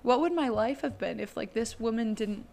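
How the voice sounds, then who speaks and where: A woman in her twenties, a podcast co-host, telling family stories in casual chat, animated and laughing often as she acts out quotes. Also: on the high side, normal speed, vocal fry.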